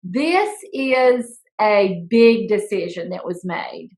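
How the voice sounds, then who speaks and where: A woman co-hosting a casual chat, telling a story with playful teasing and an animated delivery. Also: mid-range voice, takes it slowly, low-quality recording. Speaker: school principal, podcast co-host.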